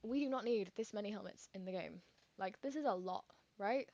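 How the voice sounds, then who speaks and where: A woman's voice: medium pitch, brisk, dark tone, highs cut off, a little hiss or hum. A woman, chatting casually and thinking aloud while streaming a game, with lots of fillers and rambling asides. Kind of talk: casual gameplay commentary.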